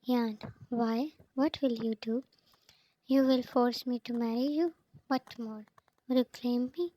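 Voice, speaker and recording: A woman reading the lines of a stubborn, tender-hearted young heroine in a storybook, in a flat, even way. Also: on the high side, slow pace, rough recording. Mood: upset.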